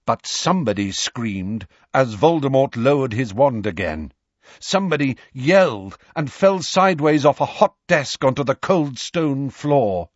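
A man reading a storybook aloud as narrator, with a slow and measured delivery. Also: medium pitch, very animated, no room sound. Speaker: audiobook narrator. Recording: dull lo-fi recording.

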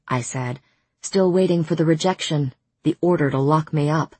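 Low, husky female audiobook narrator. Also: steady tone, moderate pace, darkish tone, no room sound. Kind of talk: first-person fantasy audiobook narration.

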